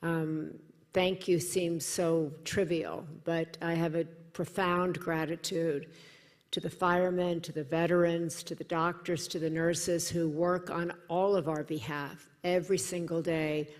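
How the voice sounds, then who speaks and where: A middle-aged American woman speaks from a podium in a large hall, and her voice carries a long reverberant tail. Her pitch sits slightly low. She talks with earnest gratitude and turns lively and expressive when she tells a personal story. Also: measured pace. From United States. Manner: warm, earnest, animated when quoting others. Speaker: event speaker. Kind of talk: personal speech at a dinner event. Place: large hall at a dinner event.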